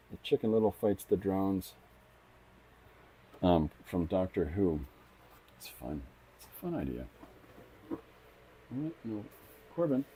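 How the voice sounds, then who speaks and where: Middle-aged male comic artist, deep relaxed voice, casual rambling live-stream chatter. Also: husky. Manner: rambling, thinks aloud with frequent restarts. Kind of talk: casual live-stream chat while drawing.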